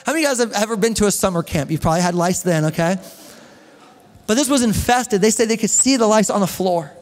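Man, pastor, sermon, very high voice, storytelling, questions to the crowd, echoey church hall. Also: animated, quick pace. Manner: storytelling, asks the congregation questions, jokes and laughs. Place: church hall with long reverb.

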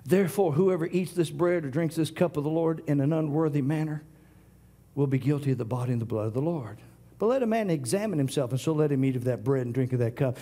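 A middle-aged man preaching a sermon, swinging from loud declarations to hushed whispers. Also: high-pitched. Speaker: pastor.

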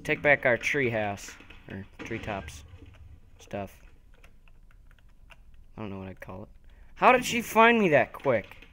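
A young man giving excited, taunting commentary over his own gameplay, talking to himself as he plays. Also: mid-range voice, slow pace, long pauses, background noise. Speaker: gaming video host.

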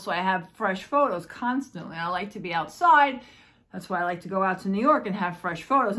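A woman's voice: on the high side, fairly bright tone. A woman vlogger chatting casually, rambling and repeating herself, with frequent exclamations. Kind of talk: casual vlog chat.

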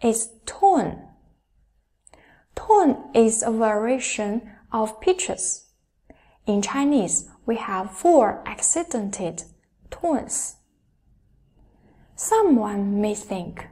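A young adult woman teaching a Chinese lesson, carefully demonstrating each sound aloud in slow pronunciation drills. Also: on the high side, big pitch swings, dark tone.

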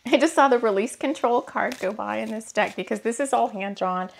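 Chatty woman with a scratchy, gravelly voice. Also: fairly high pitch, brisk. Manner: chatty, rambling, laughs often. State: slightly hoarse, scratchy throat. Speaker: tarot card reader. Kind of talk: casual spiritual card reading.

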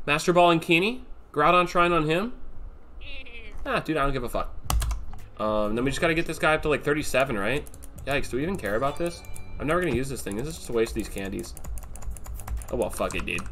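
A man's voice: a little high, expressive, fast, pauses often, bright, forceful tone, faint music behind. A man streaming a game, talking casually to his chat with offhand swearing. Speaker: streamer, host. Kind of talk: gameplay commentary.

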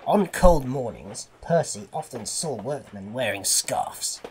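A man reading a children's railway story aloud as the regular storyteller, in an expressive, unhurried manner. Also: medium pitch, breathy edge.

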